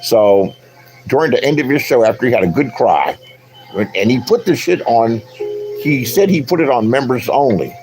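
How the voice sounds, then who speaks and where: A man's voice: mid-range voice, expressive, normal speed, music in the background. An older man, an online commentator, delivering a profane, boastful rant into his phone in a taunting, swaggering manner.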